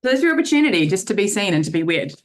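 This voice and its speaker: A woman's voice: medium pitch, very animated, very fast. A woman leading an online workshop over a video call, encouraging and swearing casually. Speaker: workshop facilitator.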